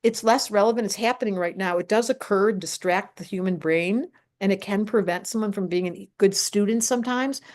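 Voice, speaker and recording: An older woman presents a live online astrology class, speaking emphatically and directly to her viewers. Her mid-range voice is brisk with hardly any pauses, and her teaching style is animated.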